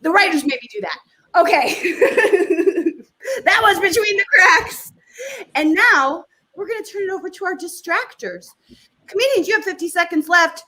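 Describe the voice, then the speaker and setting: A woman's voice: extremely high pitch, expressive, normal speed, bright, forceful tone, rough recording. A woman hosting a live comedy show, reading joke headlines in a bubbly, giggly way. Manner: bubbly, giggly, self-interrupting. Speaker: host.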